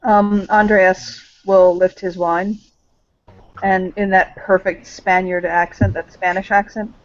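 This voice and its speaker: A woman playing a tabletop game, describing her character in slow, detailed narration. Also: medium pitch, flat delivery. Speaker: player. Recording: muffled lo-fi recording.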